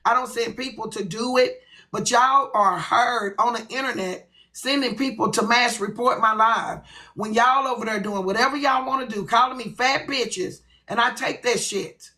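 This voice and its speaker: A woman's voice: fairly high pitch, moderate pace, bright, forceful tone, poor audio. A woman hosting her own livestream, ranting bluntly and with lots of profanity. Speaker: livestream host. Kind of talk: ranting live stream.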